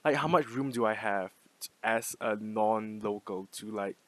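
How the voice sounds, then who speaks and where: A man's voice: lowish voice, measured pace, no echo, low-quality recording. A young man from Singapore with a light Singaporean English accent, musing unscripted to camera, full of "like" fillers and restarts. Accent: mixed, light Singaporean English. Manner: rambling, many "like" fillers and restarts. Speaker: vlogger.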